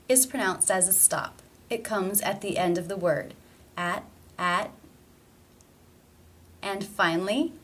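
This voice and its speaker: A woman giving an English pronunciation lesson, explaining sounds and repeating example phrases slowly and carefully. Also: mid-range voice. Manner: slow, careful demonstration of sounds.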